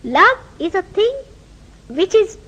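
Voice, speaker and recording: Lively high-voiced Indian woman lecturing. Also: takes it slowly, highs cut off. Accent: Indian English. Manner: animated storytelling, acts out quoted dialogue. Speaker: spiritual teacher. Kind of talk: spiritual lecture.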